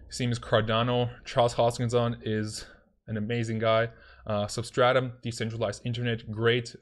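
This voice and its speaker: A man hosting his own cryptocurrency channel, talking loosely to camera with fillers and restarts. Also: mid-range voice. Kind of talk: casual talk to camera.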